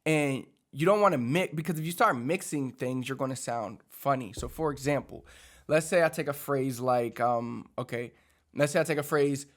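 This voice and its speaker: A man's voice: mid-range voice, moderate pace. A man from Puerto Rico, teaching in a casual, chatty way full of fillers, as a language coach. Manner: animated, chatty, many fillers like "like".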